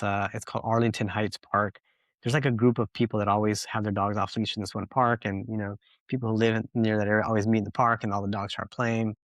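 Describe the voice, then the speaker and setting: A man's voice: fairly low pitch, no room sound. Earnest man telling a long story, dry sound. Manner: earnest, rambling storytelling with many fillers. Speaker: dog trainer and podcast co-host. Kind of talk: casual podcast conversation.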